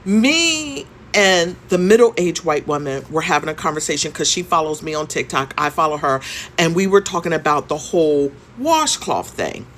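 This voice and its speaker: A woman's voice: low voice, lively intonation, normal speed, a bit bright, slight background noise. A woman in her fifties telling a story in a conversational, emphatic way, often repeating her points. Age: 50s. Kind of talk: storytime vlog.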